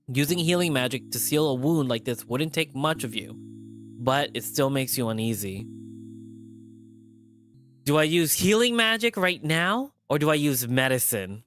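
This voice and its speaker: A streamer narrating a visual novel aloud in an animated way, jumping in and out of character voices. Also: medium pitch. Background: background music.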